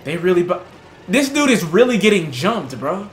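A young man doing casual, joking let's-play commentary, reacting loudly with slang and laughter. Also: sits high, sing-song, moderate pace. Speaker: gaming streamer. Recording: roomy with music in background.

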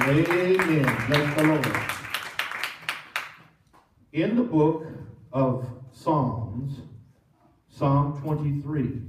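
A man's voice: on the high side, slight background noise. Echoey preaching pastor, man. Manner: preaching, leads the congregation in repeating phrases. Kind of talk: call-and-response sermon. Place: church sanctuary. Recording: echoey church, mic from some distance.

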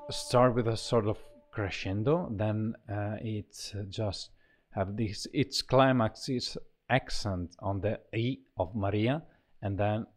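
Slow, halting man demoing software. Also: on the low side, soft background music. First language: Italian. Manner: halting, many fillers and restarts, searching for words. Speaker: composer reviewing a choir sample library. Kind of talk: casual software walkthrough.

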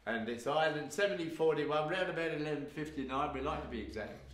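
A man's voice: fairly high pitch, fast, fairly bright tone. A man from England introducing folk stories on stage, rambling with lots of fillers and wry asides. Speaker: folk storyteller and performer. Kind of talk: live stage storytelling introduction. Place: live music venue. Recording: echoey hall, mic from far off, guitar faint behind.

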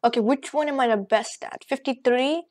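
A woman rambling excitedly through casual gameplay commentary, out of breath and joking as she goes. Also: sits high, normal speed. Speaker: gaming channel host. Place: at home at a computer.

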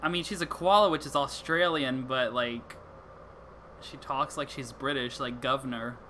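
A man's voice: medium pitch, measured pace, pushed and bright, slight background noise. A man giving casual, joking let's-play commentary, swearing often and restarting his sentences. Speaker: gamer playing through a game.

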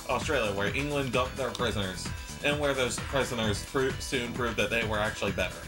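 A man's voice: mid-range voice, brisk, over loud music. A man giving casual, rambling gameplay commentary, chatty and self-mocking. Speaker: let's play commentator.

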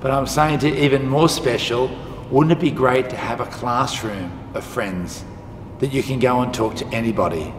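Animated man telling a story. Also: medium pitch, normal speed, background noise. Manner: animated, acts out quoted dialogue. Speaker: teacher. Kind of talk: storytelling lesson for school students. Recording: echoey hall with faint music.

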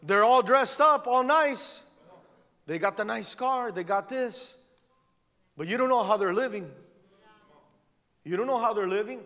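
A man's voice: sits high, lively intonation, measured pace, pauses often, pushed and bright. A male pastor preaching a fervent sermon in a church, driving his points home by repeating phrases. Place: church sanctuary. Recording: long church hall reverb.

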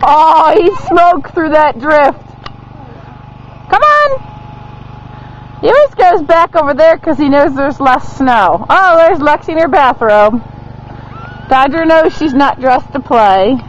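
A woman's voice: high-pitched, measured pace. A woman chatting behind a home video camera in a snowy yard, coaxing and praising her dogs in a sing-song way. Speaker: dog owner filming her pets. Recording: muffled home video, loud outdoor noise.

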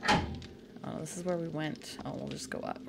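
A woman's voice: sits low, fairly even intonation, unhurried, vocal fry, heavy background noise. A woman from Canada chatting casually and making crude jokes while playing a game on a live stream.

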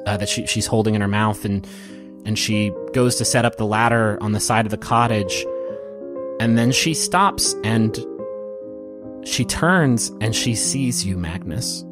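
A man narrating a tabletop game as game master, soft and emotional, with small restarts. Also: on the low side, measured pace, music in the background.

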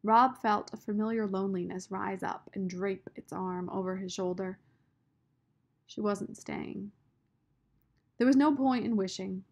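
A woman narrating a children's novel aloud in a measured storytelling manner. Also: medium pitch. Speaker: audiobook narrator.

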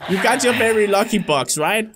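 Excitable high-voiced gaming host man. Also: moderate pace, noisy background. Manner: excitable, yelps and laughs at surprises. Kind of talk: casual gaming commentary.

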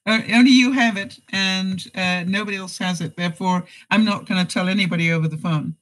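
A woman vlogger with a mid-range, slightly bright voice speaks at a normal pace, though the recording is rough. She gives life advice in casual direct-to-camera chat, telling stories chattily, acting out phone calls, and laughing between points.

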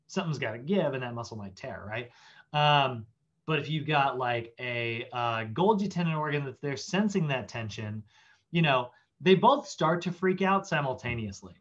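Chatty man lecturing, lo-fi sound. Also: fairly high pitch. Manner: chatty, animated, acts out body parts in silly voices. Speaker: fitness instructor. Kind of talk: casual recorded lecture.

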